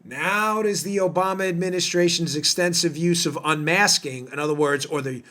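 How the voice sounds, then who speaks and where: Fired-up guy doing his political podcast, high bright voice, keeps asking are you serious. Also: normal speed. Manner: emphatic, indignant, rhetorical questions. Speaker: podcast host. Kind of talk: political commentary monologue.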